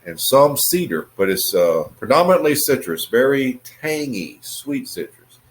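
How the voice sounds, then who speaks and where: A man casually reviewing a cigar on his video channel, in a relaxed, musing way with many fillers. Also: medium pitch, unhurried.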